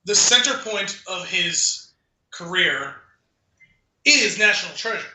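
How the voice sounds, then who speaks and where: A man's voice: sits high, animated, slow pace, background noise. A man co-hosting a podcast in casual chat, a rambling storyteller with dry jokes and lots of "like". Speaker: podcast co-host. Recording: roomy echo.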